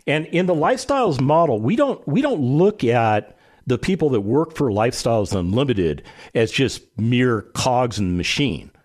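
Animated male talk radio host. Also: medium pitch, normal speed. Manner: animated storytelling, acts out quotes.

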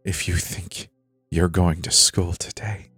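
A man's voice: medium pitch, big pitch swings, moderate pace, darkish tone, no room sound, soft background music, voice pushed up. A man doing a jolly, hissing killer. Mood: hissing whisper. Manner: jolly cheer turning to hissing whisper. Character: huge jolly scarred male killer, middle-aged.

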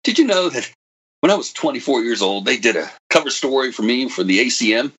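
A husky, bitter old man pours out a grievance in a dramatic monologue. His voice swoops high and low with raw feeling, wry one moment and anguished the next. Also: very animated, fairly quick, fairly bright tone. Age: older. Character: bitter old man, a broken former computer prodigy.

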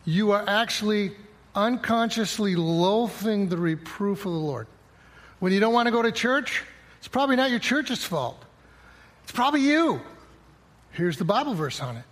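High-voiced man preaching a sermon. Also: lively intonation, normal speed, fairly bright tone. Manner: conversational preaching, quoting scripture, acting out dialogue. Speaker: pastor.

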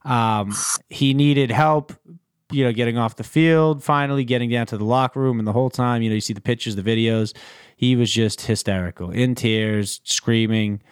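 A man hosting a casual sports podcast, talking in a relaxed, rambling way with lots of fillers. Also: mid-range voice, moderate pace, clean tone, dry recording, studio quality. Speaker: podcast host.

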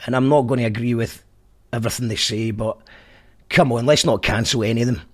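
A man's voice: medium pitch, steady tone, fairly quick. A Scottish man hosting a podcast, chatting casually in a rambling, jokey way. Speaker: podcast host. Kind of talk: casual monologue recap.

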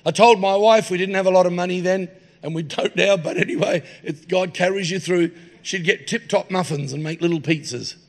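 A man's voice: sits high, fairly quick. A man preaching in a church, mixing jokey anecdotes with sermon points. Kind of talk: humorous sermon storytelling. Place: church hall.

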